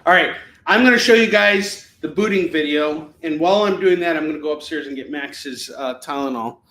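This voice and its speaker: A man's voice: on the high side, brisk, sharp tone. A man hosting a live shopping stream, chatting casually and rambling with many fillers, at home. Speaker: live shopping show host. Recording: echoey room, mic at a distance.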